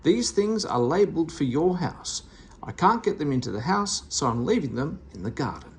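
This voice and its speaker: Storybook reading: a stubborn carter man, voiced by a reader, gravelly and blunt, lively pitch. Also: moderate pace, a little hiss or hum. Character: gruff, stubborn male delivery carter. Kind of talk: storybook read-aloud.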